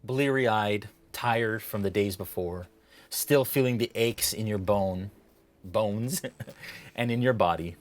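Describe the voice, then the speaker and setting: A man narrating as dungeon master, setting the scene in a measured, descriptive way. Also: lowish voice. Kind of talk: narrating a tabletop game.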